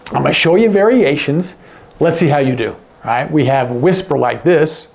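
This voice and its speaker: A man teaching sign language to camera, explaining each sign and often dropping to a hush on the example words. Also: on the high side, animated, normal speed, gravelly.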